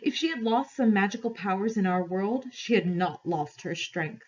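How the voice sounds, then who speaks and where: A woman teacher reading a novel aloud to her class in an expressive, measured way. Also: mid-range voice, husky, muffled recording.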